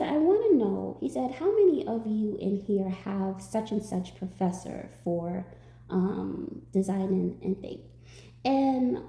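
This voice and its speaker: Gravelly-voiced woman telling a story. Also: medium pitch, roomy sound. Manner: animated storytelling, acts out quotes. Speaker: tarot reader. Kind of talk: storytelling to viewers.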